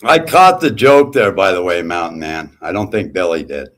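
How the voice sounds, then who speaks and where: Scornful ranting man, swings in pitch. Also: animated, normal speed, a bit bright. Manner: blunt and scornful, swears a lot, rants. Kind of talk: casual chat.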